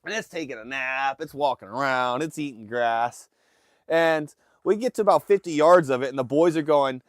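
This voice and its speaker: A man from Alaska hosts a casual phone livestream from a fishing boat, telling a story to his live chat and acting out his family's voices. His medium-pitched voice moves at normal speed with no room sound.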